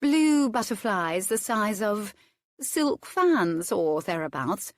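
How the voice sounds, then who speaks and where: A woman's voice: medium pitch, sing-song, slow, no room sound, voice pushed up. A woman voicing a playful young lady who feigns wide-eyed innocence while teasing a man. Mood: coy, teasing.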